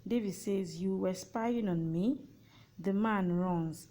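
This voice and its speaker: A woman narrating a TV plot recap, reading out every character's lines in an even, matter-of-fact way. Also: mid-range voice, slow, rough recording.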